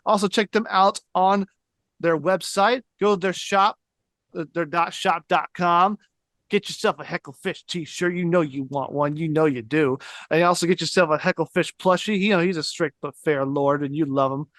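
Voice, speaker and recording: A man's voice: on the high side, moderate pace, fairly bright tone, no echo. A man on a casual panel, talking with jokey enthusiasm. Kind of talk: casual chat.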